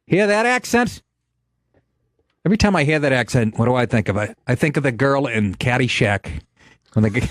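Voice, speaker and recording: A man's voice: medium pitch, sing-song, brisk, no room sound, clean studio sound. A man hosting a call-in radio show, chatting loosely and cracking jokes with callers. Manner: loose and joking, laughs often. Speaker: host. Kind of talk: casual call-in radio chat.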